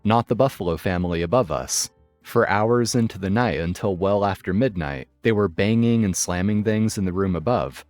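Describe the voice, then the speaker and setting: A man with a low voice reads stories in a steady, even scripted delivery. The recording is dry and close, with faint music underneath. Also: dry recording. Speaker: narrator of online stories. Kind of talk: scripted story narration.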